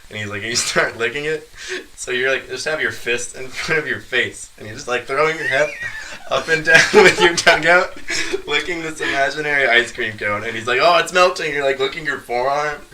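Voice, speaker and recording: Young guy, laughing storyteller, very bright voice, slight hiss. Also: medium pitch, brisk. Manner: laughing often while telling a story. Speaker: podcast guest storyteller. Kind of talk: casual chat.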